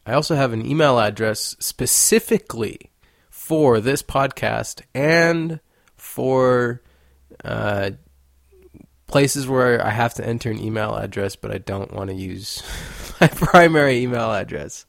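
Gravelly young man hosting a podcast. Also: medium pitch, a little slow, dry recording, studio quality. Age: young adult. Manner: playful, rambling, joking. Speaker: podcast host. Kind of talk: casual monologue.

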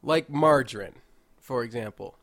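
A man's voice: mid-range voice, normal speed, vocal fry, fairly bright tone, no room sound. A congested man hosting a casual solo monologue, rambling and jokey with mock-indignant asides, indoors at home. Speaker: podcast host.

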